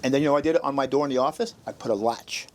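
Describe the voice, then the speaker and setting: Male podcast host, animated storyteller, acts out quotes, faint hiss behind. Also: mid-range voice, very fast. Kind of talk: casual podcast chat.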